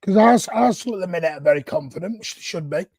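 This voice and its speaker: A man chatting on a football watchalong while hoarse from laryngitis, talking confidently and defiantly. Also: high-pitched, expressive, quick pace, darkish tone, no room sound. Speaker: guest pundit, co-host. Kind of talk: live football watchalong chat.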